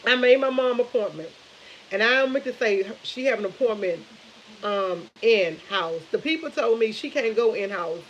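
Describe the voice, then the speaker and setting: A woman's voice: on the high side, expressive, moderate pace, highs cut off, slight background noise. A woman chatting casually on a live stream, rambling and retelling conversations with family. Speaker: vlogger.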